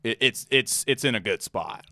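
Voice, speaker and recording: A man's voice: medium pitch, lively intonation, normal speed, bright, forceful tone, dry recording. A man hosting a podcast, chatting casually in an easygoing, agreeable way. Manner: easygoing, agreeable, laughs often. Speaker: podcast host. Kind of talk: casual chat.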